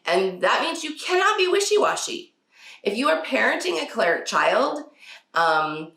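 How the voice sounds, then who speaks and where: A woman's voice: medium pitch, fairly bright tone. A woman hosting a casual parenting talk. She laughs often and acts out quotes from her children. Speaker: podcast host. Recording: echoey room.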